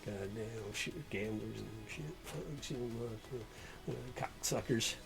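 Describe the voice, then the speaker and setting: A man voicing a gruff, hard-drinking old sheriff with a put-on Western drawl, barking threats and curses. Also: on the high side, lively intonation, a little slow, sharp tone, pitched above the performer's own voice, full character voice. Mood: grumbling. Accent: put-on American Western drawl.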